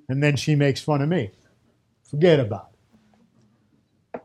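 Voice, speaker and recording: A man's voice: fairly high pitch, expressive, a little slow, darkish tone. A middle-aged man from Brooklyn with a New York accent, giving an emphatic, conversational religious lecture on Torah with Hebrew terms mixed in. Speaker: Torah teacher.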